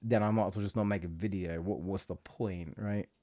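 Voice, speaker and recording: A man's voice: sits low, steady tone, fairly quick, dark tone. A man streaming a video game, rambling about content creation with frequent restarts and swearing. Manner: rambling, self-deprecating, swears, many restarts. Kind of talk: casual let's-play commentary.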